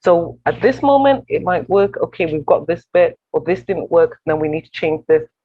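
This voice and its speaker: A woman guest with a husky voice in a round-table discussion, passionate and full of quick restarts. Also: fairly low pitch, animated, narrow, tinny audio. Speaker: wellness program organizer, guest.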